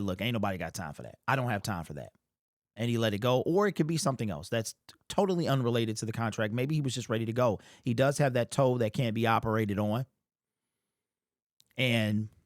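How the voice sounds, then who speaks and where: A man's voice: medium pitch, no echo. Emotional man talking sports, dry sound. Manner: casual, repeats himself, says "bro" and "man". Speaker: fan channel host. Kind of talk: emotional sports commentary monologue.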